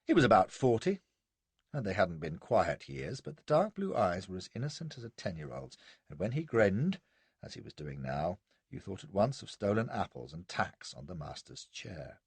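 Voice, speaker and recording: A man narrating a first-person period novel in a wry, expressive storytelling manner. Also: sits low, normal speed, breathy edge, dry recording. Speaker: audiobook narrator.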